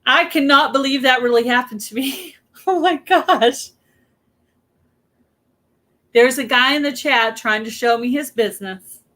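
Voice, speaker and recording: A Southern American woman hosts a casual livestream chat in a high, bright voice. She talks in a flustered way, laughing and exclaiming often. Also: moderate pace. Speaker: livestream host.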